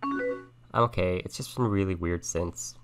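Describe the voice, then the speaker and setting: A young man playing a chat game on stream, thinking aloud and softly reading the messages on screen. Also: low-pitched, measured pace. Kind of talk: casual let's-play commentary. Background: game music and keyboard typing.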